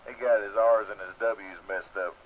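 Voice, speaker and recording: A man's voice: fairly low pitch, steady tone, moderate pace, narrow, tinny audio, slight background noise. A man checking into an amateur radio net, chatting casually and agreeably. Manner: easygoing and agreeable. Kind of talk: casual ham radio chat.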